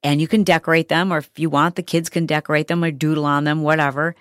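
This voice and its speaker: A middle-aged woman hosting a podcast, telling a story in a chatty, animated way with lots of fillers. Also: sits low, fast talker, no echo, clean studio sound. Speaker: podcast host. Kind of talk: casual podcast monologue.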